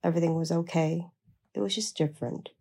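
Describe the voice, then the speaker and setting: A woman narrates a first-person memoir in a low, gravelly voice. Her tone is dark and mellow, and her delivery is blunt and plain-spoken. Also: steady tone, fairly quick.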